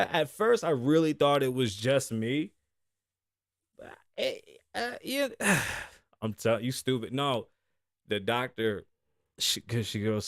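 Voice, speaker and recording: A man's voice: mid-range voice, dry recording. A young man hosting a show from his studio in a casual, profane, joking chat, mimicking the voices of people in his stories. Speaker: podcast host. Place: home studio. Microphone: studio mic, live recording.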